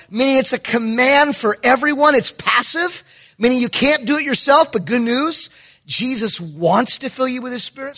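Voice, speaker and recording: A pastor giving an emphatic sermon, with jokey asides and bursts of raised voice. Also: male voice, very high-pitched, bright, forceful tone.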